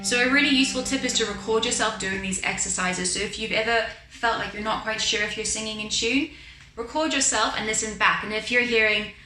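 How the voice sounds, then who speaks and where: Over music, a woman with a slightly high voice talks briskly about singing technique, teaching patiently, checking in with her listener and singing quick examples. The sound is low quality and echoey.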